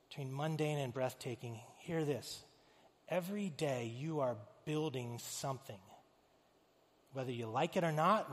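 A man preaching to his church, an animated storyteller who slips into the voices of the characters he describes. His voice sits a little high for a man. The sound carries a long reverb from the hall. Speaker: pastor. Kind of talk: sermon. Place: church auditorium.

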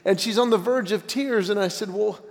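A man in his forties, a stand-up comedian telling family stories as a guest speaker, acting out dialogue with lively voice shifts. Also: high-pitched, fairly quick. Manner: animated, acts out dialogue with voice shifts. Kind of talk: stand-up storytelling. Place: church auditorium. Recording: long hall reverb.

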